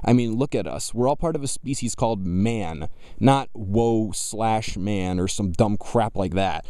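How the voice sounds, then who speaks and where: A man's voice: on the low side, unhurried, mellow, no room sound, studio quality. A man giving mocking, argumentative reaction commentary on video clips. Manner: scornful, argumentative.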